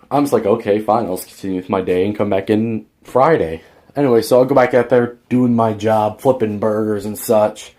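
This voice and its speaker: A teenage boy with a fairly low, mellow voice vlogs a rambling, worked-up story about quitting his job. He retells a workplace feud in a fired-up way, casual storytelling style.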